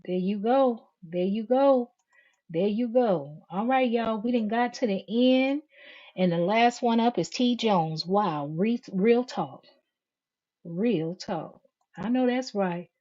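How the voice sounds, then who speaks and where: A woman's voice: fairly high pitch, unhurried, dark tone. A woman hosting a live stream, reading viewers' comments aloud and answering them in a sassy, emphatic way. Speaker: channel host. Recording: dull lo-fi stream audio.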